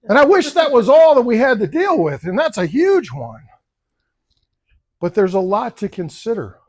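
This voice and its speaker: A man with a high-pitched, darkish voice delivers a campaign speech as a political candidate in a luncheon event room. He tells personal stories and acts out the lines of the other people he quotes.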